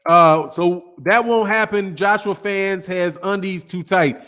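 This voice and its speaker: A man's voice: high-pitched, takes it slowly, fairly bright tone, faint music behind. A man hosting a casual boxing live stream, reading out viewer names and comments in loose, slangy talk. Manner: loose, slangy, greets chatters one by one.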